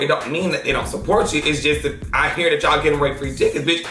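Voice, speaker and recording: Sassy high-voiced gossip man. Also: fast talker, hardly any pauses. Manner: sassy and animated, bursts into shouting and laughter. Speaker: host of a celebrity gossip show. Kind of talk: celebrity gossip commentary. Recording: roomy echo, faint music behind.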